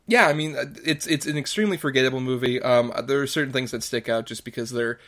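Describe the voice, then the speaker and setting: A man's voice: medium pitch, fast, fairly bright tone. A man co-hosting a casual movie review podcast, offering wry, dry criticism with lots of fillers. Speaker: podcast co-host.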